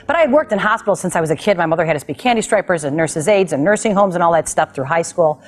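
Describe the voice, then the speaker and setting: A woman's voice: on the low side, fast talker. Woman talk host telling a heartfelt story. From United States. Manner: animated, emotional storytelling with laughter. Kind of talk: personal storytelling to a guest.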